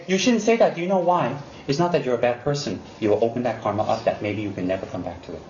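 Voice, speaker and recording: Animated male Buddhist teacher, roomy lo-fi recording. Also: mid-range voice, fast, few pauses. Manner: animated and teasing, mimics excuses, repeats emphatic warnings. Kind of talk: unscripted dharma talk to students. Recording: roomy, dull lo-fi recording with faint hiss.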